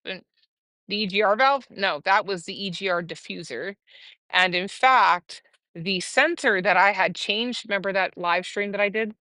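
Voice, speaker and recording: A woman hosting a casual livestream, telling a story in a chatty, animated way with laughs. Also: mid-range voice, moderate pace, no room sound. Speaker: livestream host.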